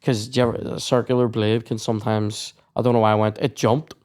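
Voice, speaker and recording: A man's voice: fairly low pitch, level tone, fast. A young man, hosting a podcast and telling sweary school stories in casual chat. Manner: sweary storytelling, acts out shouted quotes. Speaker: podcast host.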